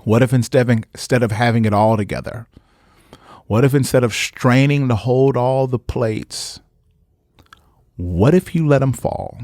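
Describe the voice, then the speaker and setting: Man pastor, mid-pitched, dry close mic, emphatic and repetitive. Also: unhurried, darkish tone, no room sound. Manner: emphatic, repetitive, preacherly with conversational asides. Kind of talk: podcast sermon.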